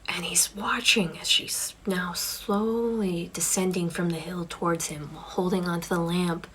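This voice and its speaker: A woman telling a spooky campfire ghost story in a hushed, mostly whispered voice. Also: lowish voice, steady tone, a little slow, a little hiss or hum, low-quality recording.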